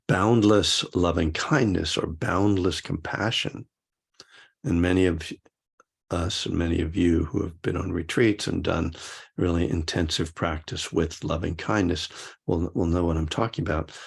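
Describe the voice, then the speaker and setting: Slow, husky older man with creaky voice. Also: deep voice. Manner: halting and searching, many fillers, soft chuckles. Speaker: meditation teacher. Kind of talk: dharma talk.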